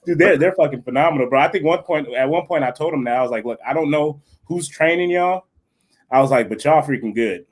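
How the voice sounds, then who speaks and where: A man's voice: on the high side, a little fast. A young adult man co-hosting a casual podcast, talking in slangy, laughing banter. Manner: slangy, laughing, says bro a lot. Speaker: podcast co-host.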